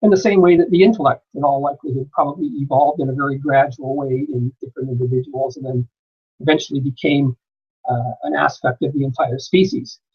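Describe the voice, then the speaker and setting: A man speaking at a conference, giving a measured lecture with frequent pauses and "uh" fillers. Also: mid-range voice, steady tone, breathy edge, lo-fi sound. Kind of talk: lecture presentation. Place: conference hall.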